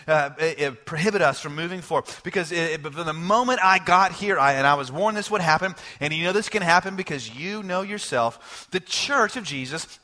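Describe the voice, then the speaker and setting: A man preaching to his church in a high, lively voice that leaps around in pitch. His tone is bright, and he jokes with the congregation, slipping into short acted voices when he quotes people. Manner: animated, joking, acts out quoted voices. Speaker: pastor. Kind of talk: sermon. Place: church service.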